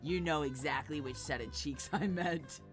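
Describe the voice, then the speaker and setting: Brief: woman playing a crude swaggering man caller, low and loud, music under. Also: normal speed, natural voice. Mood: sleazy. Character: sleazy brash male mugger caller. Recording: game music behind.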